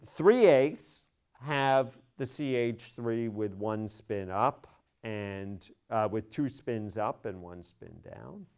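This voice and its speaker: A man's voice: lowish voice, lively intonation, slow, a little mellow, smooth. A middle-aged man giving a university chemistry lecture, spelling out each step methodically and stressing key words. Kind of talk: classroom lecture.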